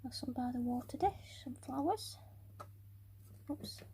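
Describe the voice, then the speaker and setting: A woman chatting casually through a hobby build of a tarantula enclosure, rambling and often dropping to quiet muttering and whispers as she works. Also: high-pitched, animated, a little slow, a little hiss or hum. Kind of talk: casual crafting vlog narration.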